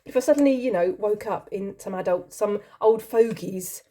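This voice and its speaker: A woman's voice: medium pitch, moderate pace, mellow. A middle-aged woman chatting casually as she answers a list of questions, rambling, giggly and self-deprecating. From not from the country she lives in. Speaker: channel host.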